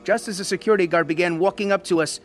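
A man's voice: high-pitched, steady tone, racing, soft background music, close to an everyday voice. An actor playing a blunt, streetwise young ex-gang member who narrates his own story in a radio drama. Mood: reflective.

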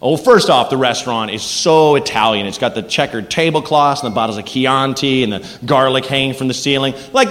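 A man doing a stand-up set on a club stage, animated and jokey. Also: medium pitch, a little fast, few pauses. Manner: animated, jokey, acts out voices. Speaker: stand-up comedian. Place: comedy club stage before a live audience. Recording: live club recording with long reverb and background noise.

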